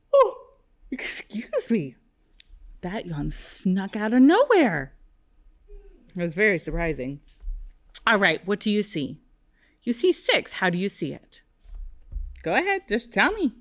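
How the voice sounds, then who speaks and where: Woman, first grade TV teacher; slow, lilting, lively pitch. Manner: slow, animated, sing-song teacher talk with big pitch swings. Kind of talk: TV classroom lesson for young children.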